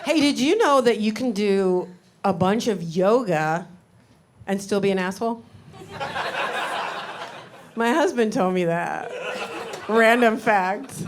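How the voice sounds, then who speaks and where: A woman's voice: medium pitch, animated, slow pace, long pauses. A middle-aged woman doing a stand-up comedy set in a club, wry and rambling with sudden indignant outbursts. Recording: live club recording with audience noise.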